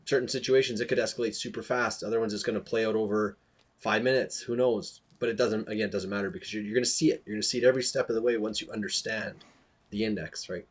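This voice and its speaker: A man with a low, husky voice explains his point quickly as a podcast guest. He repeats words as he works through his thought. His speech runs fast. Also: steady tone. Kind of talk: casual podcast discussion.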